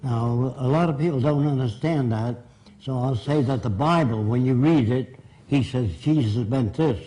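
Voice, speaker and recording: Blunt older New lecturer. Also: male voice, mid-range voice, normal speed, dark tone, poor audio. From Brooklyn, New York. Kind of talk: public lecture.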